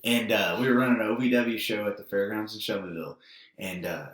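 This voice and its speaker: Laid-back cussing co-host, echoey room. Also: male voice, lowish voice, steady tone, a little fast. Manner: laid-back, profane anecdote teller. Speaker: podcast co-host. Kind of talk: casual podcast chat. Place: podcast studio. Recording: roomy, distant, faint noise.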